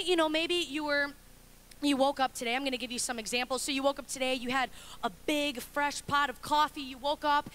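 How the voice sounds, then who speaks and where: A young adult woman pastor preaching a sermon with animated, humorous storytelling. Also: high voice, a little hiss or hum.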